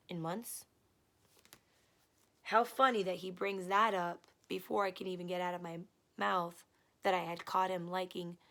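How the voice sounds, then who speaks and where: A woman vlogging her own story, blunt and profane, her talk swinging from low mutters to loud, exasperated bursts. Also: creaky. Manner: heated, blunt and profane, retelling an abusive relationship. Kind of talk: personal storytime vlog.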